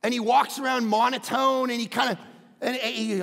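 A middle-aged man preaching a sermon as pastor, often breaking into shouts. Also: high-pitched, normal speed, creaky, long reverb tail.

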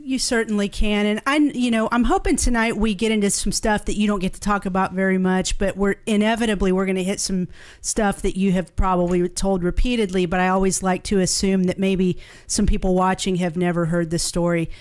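A woman's voice: mid-range voice, fairly even intonation. A woman hosting a casual interview, prompting her guest to tell his stories. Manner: friendly, prompting, quick to laugh along. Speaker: host.

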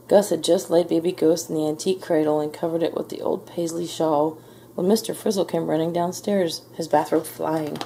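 A woman reads a children's storybook aloud in a low, dark, gravelly voice. Her pace is slow and expressive, with a faint hiss behind her. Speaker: storybook reader. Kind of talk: reading a children's book aloud.

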